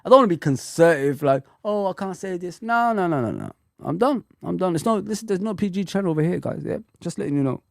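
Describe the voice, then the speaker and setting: A man's voice: high voice, sing-song, fast talker, creaky, no room sound, clean studio sound. A man ranting angrily on a live fan stream, swearing often and repeating himself. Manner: angry, sweary, repetitive ranting.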